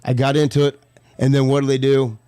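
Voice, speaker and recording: A man's voice: medium pitch, flat delivery, fairly quick, dark tone, clear, resonant tone. A man hosting a radio show, chatting casually and telling stories that trail off and restart. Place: radio studio.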